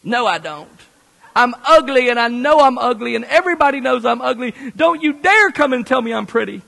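A man's voice: a little high, sing-song, slow pace, bright, forceful tone, in a large hall, pitched below the performer's own voice, exaggerated voice, low-quality recording. A man putting on a whiny, self-deprecating woman. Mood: sulky. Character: insecure woman brushing off compliments.

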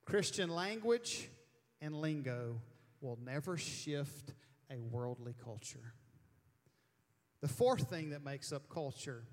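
A man from Alabama preaching a sermon with emphatic, animated delivery, sometimes mimicking loud slow speech. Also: on the high side. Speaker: pastor. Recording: reverberant church hall.

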